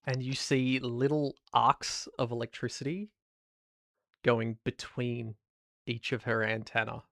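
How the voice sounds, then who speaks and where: A man narrating as game master for a tabletop game, with an easygoing, descriptive manner and quick asides. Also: medium pitch, fairly even intonation, vocal fry, a bit bright, dry recording, clean studio sound.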